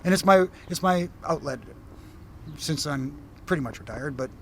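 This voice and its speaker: A man's voice: a little high, moderate pace, noisy background. Chatty Canadian man telling stories. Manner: animated storyteller, frequent fillers and restarts. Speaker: former wrestling referee, guest. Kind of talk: casual interview chat.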